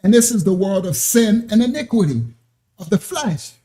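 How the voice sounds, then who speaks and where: A male pastor delivers a conversational sermon with a mellow, darkish tone. He keeps checking in with "right?" and acts out the people he quotes, his pitch swinging high. His delivery moves between lively storytelling and slow, calm teaching. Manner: animated, acts out quoted voices with rising pitch; conversational, repeatedly asks "right?".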